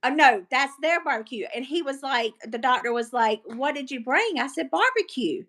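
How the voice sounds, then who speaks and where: A woman, chatting as a guest on a livestream, animated and quick to laugh. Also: high voice. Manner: animated storyteller, laughs easily. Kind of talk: casual chat on a livestream.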